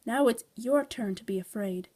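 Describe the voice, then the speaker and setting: A brave male woodcutter from a picture book, put on by a woman reading aloud. He speaks firmly, though the voice stays fairly high. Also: moderate pace, mellow, lightly acted.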